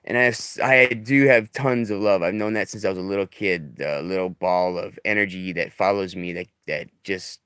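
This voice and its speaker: A man talking in a rambling, halting confessional video diary, emotional as he comes off substances, often trailing off quietly. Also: deep voice, clean tone, no echo, clean studio sound. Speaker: vlogger. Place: living in a stuck bus in the desert.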